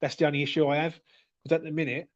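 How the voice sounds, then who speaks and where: A man's voice: a little high, flat delivery, fast talker, highs cut off. A man hosting a fan livestream, chatting casually and stumbling over his words, often tossing in "yeah?" and "mate". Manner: chatty, stuttery, tag questions like "yeah?" and "mate". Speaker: fan channel host reading viewer comments.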